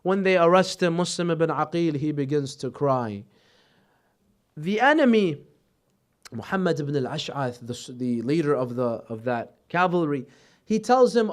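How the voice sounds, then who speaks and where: A man's voice: a little high, animated, a little slow. A man preaching a sermon, telling a story with emotional, dramatic narration.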